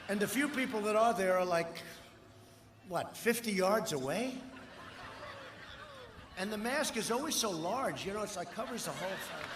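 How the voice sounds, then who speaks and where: At a large outdoor rally, a political candidate in his seventies speaks in a voice that sits high and is a bit bright. His campaign speech is rambling and repetitive, peppered with mocking asides, heard through an echoey sound system with long reverb and faint noise.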